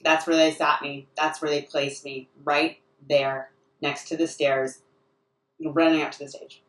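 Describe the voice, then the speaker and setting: A woman's voice: low-pitched, little pitch movement, unhurried, a bit bright. A woman delivering a rambling comic monologue, often restarting her sentences. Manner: rambling and self-interrupting, full of restarts. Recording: echoey room, distant mic.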